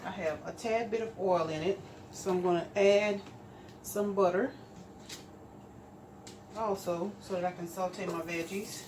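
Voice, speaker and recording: A middle-aged woman, chatting homey and relaxed to viewers as she cooks in her kitchen. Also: medium pitch, a little slow, long pauses, noisy background. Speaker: cooking channel host. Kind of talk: casual cooking vlog chat. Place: home kitchen.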